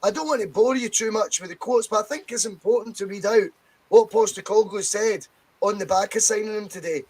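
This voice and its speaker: A man with a fairly high voice hosts a casual football podcast. He is chatty, swears freely, and reads quotes aloud in a relaxed way. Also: brisk, slightly rough, poor audio. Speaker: podcast host.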